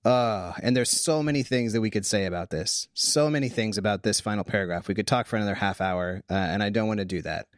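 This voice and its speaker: A man hosting a podcast, talking through a Bible passage casually, animated and full of restarts. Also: fairly low pitch, quick pace, hardly any pauses, no echo, studio quality. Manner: animated, thinks aloud with restarts. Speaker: podcast host.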